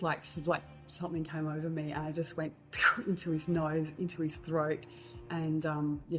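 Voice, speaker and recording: A woman telling stories in a casual chat, lively and acting out other people's lines. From Australia. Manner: animated storyteller, acts out quotes in a higher voice. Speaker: host.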